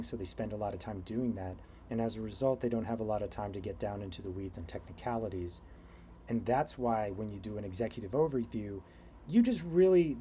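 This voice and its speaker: A man's voice: on the low side, dark tone, a little hiss or hum. An American man teaching a training seminar, talking in a loose, digressive way with many fillers and restarts. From United States. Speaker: instructor.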